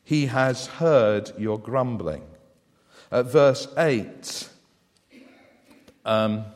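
A man preaching a sermon in a conversational way, often asking the congregation rhetorical questions. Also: medium pitch. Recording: long hall reverb.

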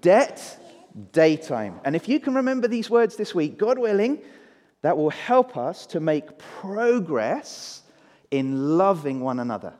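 A man's voice: high-pitched, very animated, a little slow, a little mellow. A man giving a children's talk in a church service, drawing the congregation in and having them repeat words with him. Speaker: preacher. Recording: long church reverb.

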